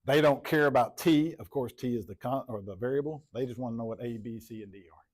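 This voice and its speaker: A man's voice: medium pitch, quick pace, mellow. A man teaching a math class in a classroom, talking casually, calling on students by name and repeating himself. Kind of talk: classroom lecture.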